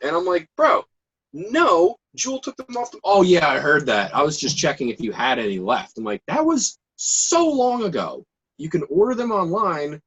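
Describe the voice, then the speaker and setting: A man's voice: a little high, fairly bright tone, slightly rough, highs cut off. A man chatting casually with friends, chiming in and quoting customers. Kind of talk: casual chat.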